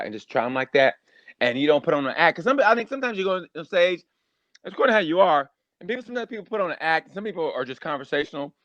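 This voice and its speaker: A man, a guest comedian, chatting casually on a podcast with high, animated energy, telling stories. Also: rapid-fire, no room sound, highs cut off.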